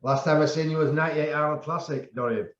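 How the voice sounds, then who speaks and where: Leeds-accented man, cheery guest, slightly high voice, roomy muffled remote line. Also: fast. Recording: echoey, dull remote audio.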